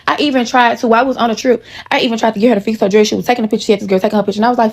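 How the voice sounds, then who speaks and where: Woman in her 30s ranting a storytime, talks fast, kinda high voice, cussing a lot. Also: fairly even intonation, a little mellow, slightly rough, dry recording. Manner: blunt, profane and heated, talks straight to viewers. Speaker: storytime vlogger. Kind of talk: casual storytime chat to viewers.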